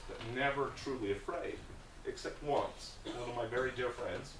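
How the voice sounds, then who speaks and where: A man's voice: medium pitch, a bit bright, slight background noise. Earnest man telling stories, distant roomy mic. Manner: earnest, plainspoken anecdotes with hesitations. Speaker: guest speaker about a volunteer food project. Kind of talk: personal storytelling talk to a group.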